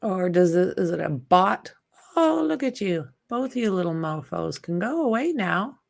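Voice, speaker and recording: A woman's voice: lowish voice, big pitch swings, a little slow, gravelly, darkish tone. A woman hosting a casual true-crime livestream, chatting, greeting viewers and reading their comments aloud, blunt with spam commenters. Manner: outspoken and exasperated with spam commenters. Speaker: livestream host.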